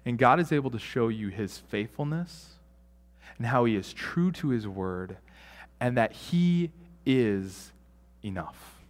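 A man's voice: medium pitch, expressive, slow, in a large hall. Man preaching with sweeping dynamics. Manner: dynamic, swings from loud emphasis to hushed near-whisper; conversational with fillers and asides. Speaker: pastor. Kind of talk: sermon.

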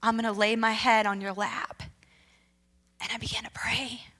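A woman giving an earnest personal testimony, retelling events vividly and sometimes dropping to a hushed whisper. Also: on the high side, flat delivery, moderate pace.

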